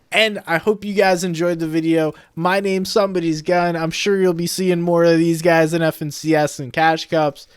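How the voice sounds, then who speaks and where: High-voiced young man breaking down gameplay. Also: smooth. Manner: analytical, steady teaching delivery. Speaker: video creator and game analyst. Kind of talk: explanatory game commentary voice-over.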